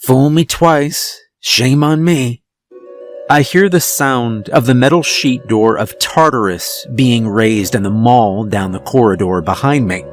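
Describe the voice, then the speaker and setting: A man narrating a first-person horror story in a slow, tense storytelling manner. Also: medium pitch. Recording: dry studio voice-over with soft music.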